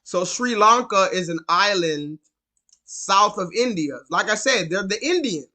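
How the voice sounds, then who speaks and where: A man's voice: sits high, animated, unhurried, sharp tone. A man hosting a live call-in stream, ranting and telling a story with emphatic, profane repetition.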